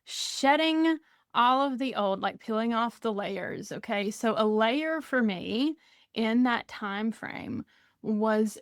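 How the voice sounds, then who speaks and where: A woman's voice: a little high, animated, takes it slowly, clean tone, no echo, clean studio sound. A woman with a Southern US accent, a podcast guest chatting casually, rambling and laughing often. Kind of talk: casual conversation.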